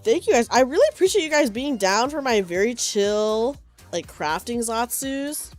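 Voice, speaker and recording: A woman streamer chatting casually while knitting at home, sleepy and low on energy, rambling and correcting herself as she goes. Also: lively intonation, moderate pace, darkish tone, soft background music. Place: at home on a couch.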